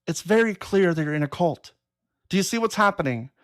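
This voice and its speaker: Speaking fairly quickly in a fairly low voice with lively intonation, a woman hosts a casual live stream. She reads chat comments and responds in a blunt, exasperated, profane manner.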